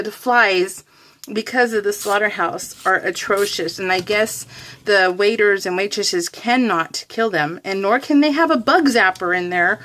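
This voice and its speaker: A woman's voice: on the high side, fairly bright tone. A woman vlogger telling a rambling, chatty story in a casual voice-over, often laughing and poking fun at herself. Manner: self-deprecating. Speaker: craft vlogger.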